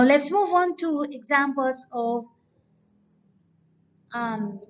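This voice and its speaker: A woman giving a grammar lecture, explaining step by step and reading example sentences aloud. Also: high voice. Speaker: teacher. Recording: dull lo-fi recording.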